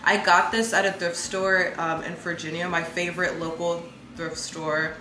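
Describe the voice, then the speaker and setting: A woman's voice: lowish voice, level tone, moderate pace, noisy background. Chatty woman vlogging in an echoey room. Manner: chatty and loose, swears casually, drifts into asides. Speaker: beauty vlogger and makeup brand owner. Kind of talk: casual chat vlog. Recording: echoey room with music playing.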